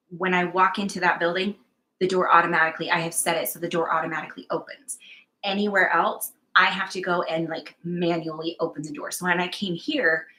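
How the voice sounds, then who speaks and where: Bright-voiced chatty woman storyteller. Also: fairly low pitch, low-quality recording. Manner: candid, chatty, self-mocking. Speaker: psychic medium guest. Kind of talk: casual conversational storytelling.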